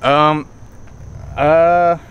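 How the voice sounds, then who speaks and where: A man's voice: fairly high pitch, steady tone, drawn-out words, highs cut off, slight background noise. A shy young man chatting hesitantly outdoors at a campground at night, with many ums and short answers. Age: young adult. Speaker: local viewer met on camera. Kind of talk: casual chat.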